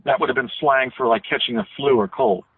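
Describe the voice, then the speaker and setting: A man's voice: medium pitch, brisk, a little hiss or hum. A man guest on a radio interview, telling long rambling recollections with frequent restarts. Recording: tinny phone line.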